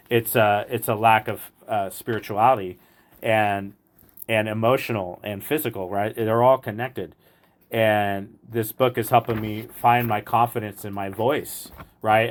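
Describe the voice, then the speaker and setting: Man, low-ish voice, earnest rambling recovery share, casual. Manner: earnest, rambling, repeats "like" and "right". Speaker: recovery meeting speaker.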